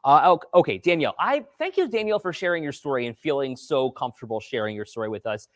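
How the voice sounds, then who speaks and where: Lively-voiced male morning show host. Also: mid-range voice, quick pace, no room sound. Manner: chatty, animated storytelling, reads viewer comments aloud. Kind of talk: casual chat. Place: TV studio.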